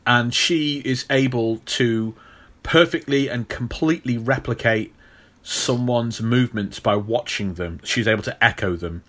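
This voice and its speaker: A man with a bright, forceful voice chats on a movie podcast. He rambles and restarts often, and he teases his co-host playfully. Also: mid-range voice, measured pace. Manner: rambling, teasing, many restarts. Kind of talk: casual movie podcast chat.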